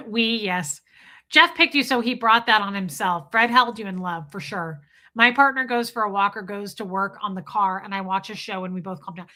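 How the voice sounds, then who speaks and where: A woman's voice: medium pitch, normal speed, pushed and bright. A woman hosting a casual livestream, answering viewers in a candid, blunt way and swearing freely. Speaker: livestream host.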